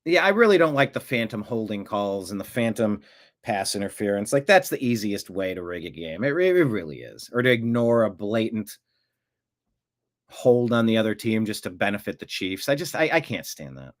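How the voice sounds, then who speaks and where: A man's voice: lowish voice, sing-song, moderate pace. A man hosting a casual livestream, talking in a rambling, jokey way and often interrupting himself. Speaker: livestream host.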